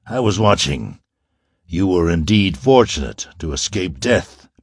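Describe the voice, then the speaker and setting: A man voicing a smooth, coolly mocking villain who speaks softly and low in an audiobook. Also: sing-song, a little slow, no echo, studio quality, heavily acted. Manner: soft, deep and sly.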